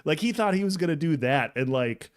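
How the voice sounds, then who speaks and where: Animated rambling man telling a story. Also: a little high, brisk. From Texas. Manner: animated, rambling, many fillers and restarts. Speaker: podcast co-host. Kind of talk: casual storytelling chat.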